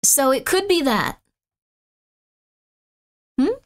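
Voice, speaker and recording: A woman streamer chatting casually with her live chat, excitable and mock-outraged, swinging between loud bursts and muttered asides. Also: high voice, very slow.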